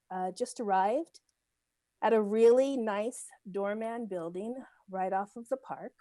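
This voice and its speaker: A woman's voice: medium pitch, dark tone, no echo. Earnest woman speaking in a dry room. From United States. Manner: earnest, measured, with frequent pauses and fillers. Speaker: guest speaker at a synagogue service. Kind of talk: personal testimony speech.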